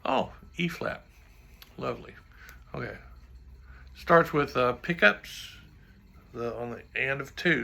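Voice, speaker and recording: A man with a deeply gravelly, rough-edged voice and a bright, forceful tone coaches trombone audition pieces. He sings rhythms out loud to demonstrate articulation and talks through the flaws in his own playing, with a joking aside now and then. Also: expressive, takes it slowly, long pauses. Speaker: trombone teacher. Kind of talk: music clinic instruction.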